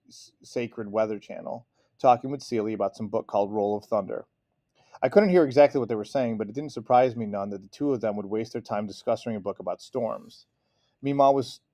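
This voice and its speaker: A man narrating a children's chapter book aloud in an expressive read-aloud manner. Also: medium pitch, dry recording. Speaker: audiobook reader. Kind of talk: storybook narration.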